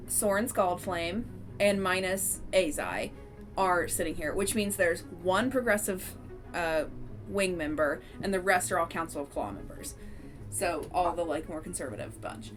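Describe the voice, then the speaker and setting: A woman's voice: mid-range voice, unhurried, soft background music. A woman narrating a tabletop game as game master, often laughing as she talks. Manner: giggly, bursts of laughter.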